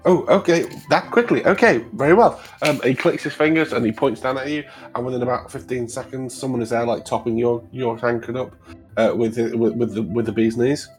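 A man's voice: mid-range voice, brisk, soft background music. A man narrating as game master of a tabletop game, rambling with frequent restarts. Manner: rambling, many fillers and restarts.

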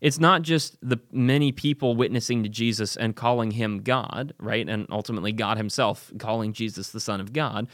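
A man's voice: lowish voice, normal speed, few pauses, fairly bright tone, no room sound, clean studio sound. A man giving a casual Bible study talk, earnest and thinking aloud, often checking in with the listener. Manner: earnest, thinking aloud with frequent "right?" asides. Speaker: Bible teacher.

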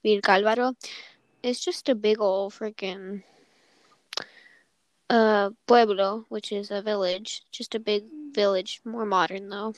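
A woman's voice: medium pitch, steady tone, slow, dry recording, low-quality recording. A young woman co-hosting a casual chat, giggly and rambling, often cutting herself off mid-sentence. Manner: giggly, rambling, self-interrupting. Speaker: podcast co-host.

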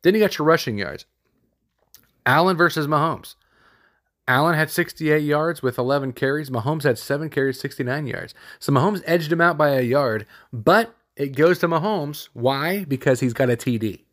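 A man's voice: a little high, normal speed, a bit bright. A man hosting a solo sports podcast, rambling and opinionated, with lots of fillers, restarts and casual slang.

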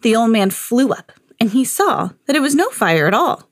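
A woman reading a children's picture book aloud on her podcast in an expressive, sing-song storytelling way. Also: on the high side, normal speed.

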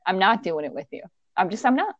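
A woman quoting a firm, calm male manager in her story, in a slightly lower, quieter voice. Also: fast, no echo, highs cut off.

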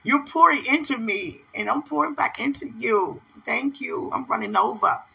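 A bright, slightly husky woman speaks in casual podcast chat. She talks affectionately to a partner, playful and animated. Laughter breaks through her speech often. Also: fairly high pitch, moderate pace, rough recording. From United States. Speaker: podcast host.

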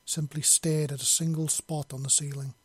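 A man narrating a fantasy story in a steady, measured read. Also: fairly high pitch, slightly rough, dry recording.

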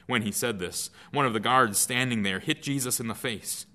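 A man reading a Bible passage aloud in a measured, clear way, as a lesson. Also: on the low side, expressive, bright, forceful tone. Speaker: scripture reader. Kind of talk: scripted scripture reading.

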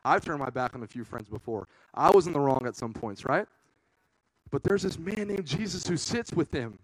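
A young man delivering an earnest youth sermon in a relaxed, conversational way, filling his sentences with "man" and "right?". His voice sits a little high for a man, and the sound is close and dry. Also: normal speed, breathy edge, no room sound, rough recording. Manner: casual, earnest, says "man" often. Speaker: youth ministry preacher.

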